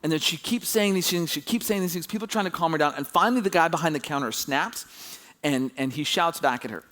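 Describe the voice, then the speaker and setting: A man preaching a sermon as pastor, telling a story with animated, rising emphasis when excited. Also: a little high, fast.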